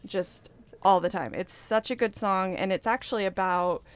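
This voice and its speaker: Podcast co-host, female, smooth clear voice, relaxed and agreeable. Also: medium pitch. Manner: relaxed, agreeable, quick back-channel replies. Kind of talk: casual chat.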